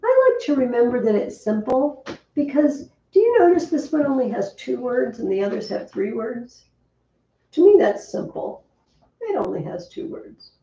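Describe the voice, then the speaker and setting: A woman teaching a Latin class, chatty and lively, often asking the students questions. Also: high voice, normal speed. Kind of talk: classroom lesson. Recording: distant, roomy, dull classroom recording.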